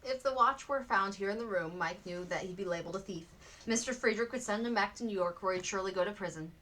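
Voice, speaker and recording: Expressive woman teacher reading a story. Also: medium pitch, fast. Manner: expressive, acts out the characters. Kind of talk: storybook read-aloud narration.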